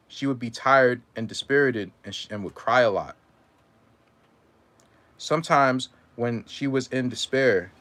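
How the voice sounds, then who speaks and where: A man at a mid-range pitch reading a first-person memoir aloud. His reading is measured and steady. Now and then he stumbles and corrects himself. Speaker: reader.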